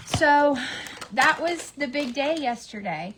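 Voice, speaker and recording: A woman's voice: sits high, lively intonation, unhurried, noisy background. A woman in her thirties chatting casually at home while getting ready, rambling with fillers and acting out bits of dialogue. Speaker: beauty vlogger. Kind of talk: casual get-ready-with-me chat.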